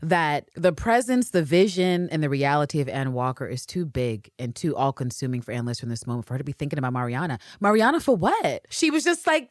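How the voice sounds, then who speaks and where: Woman podcast co-host, low voice, dry close sound, loose and profane. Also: fast, few pauses, dry recording. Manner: animated, swears freely, acts out characters' lines. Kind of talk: casual recap chat.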